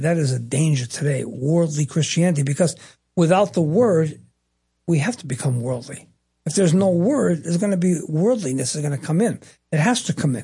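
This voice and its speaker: A man's voice: a little high, a little mellow, slightly rough. A middle-aged male pastor preaching a sermon on a broadcast program, emphatic and repeating his key phrases.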